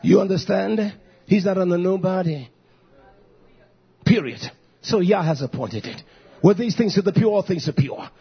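A husky, high-voiced man preaches a fiery sermon. He surges into shouts, then drops to low muttered asides. The recording sounds dull and lo-fi. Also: animated, moderate pace, pauses often. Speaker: pastor.

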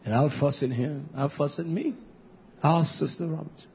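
A man preaching a sermon to his congregation, repeating phrases and building to loud, high emphatic peaks. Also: fairly even intonation, moderate pace, creaky, slight background noise. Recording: dull lo-fi recording.

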